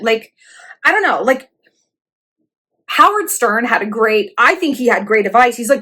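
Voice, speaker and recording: Woman vlog host, high-ish and bouncy, sarcastic, profane, full of quoted voices. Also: normal speed, breathy edge. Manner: animated, with voices for quoted people. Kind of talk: pop-culture commentary vlog.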